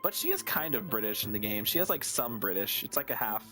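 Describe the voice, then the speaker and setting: A man's voice: lowish voice, very animated, fast talker, bright, forceful tone, faint music behind. A man streaming a video game, chatting in a rambling, musing way as he plays. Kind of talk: casual gameplay commentary.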